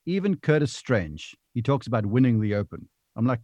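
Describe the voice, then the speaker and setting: A man's voice: medium pitch, big pitch swings, normal speed, a little mellow, no echo. A man who is a golf analyst talking emphatically and with animation in a casual podcast panel chat.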